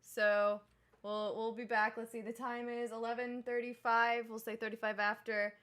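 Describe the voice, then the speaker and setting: A woman's voice: a little high, flat delivery, moderate pace, a bit bright, a little hiss or hum. A woman hosting a tabletop game stream, playing her character with laughter, swearing and rambling talk. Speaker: player and stream host. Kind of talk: casual tabletop play.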